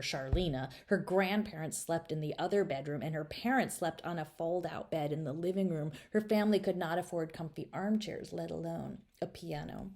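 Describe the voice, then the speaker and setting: A woman's voice: deep voice, a little mellow. A woman reading her own children's story aloud, playfully speaking straight to the listener and dropping to whispers.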